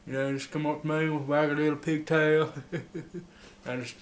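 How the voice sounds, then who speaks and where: A man's voice: on the high side, flat delivery, moderate pace, slight background noise. Rambling drawling man in an echoey room. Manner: rambling, drawling, with laughs and fillers. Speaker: mock interviewee. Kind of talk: improvised comic monologue.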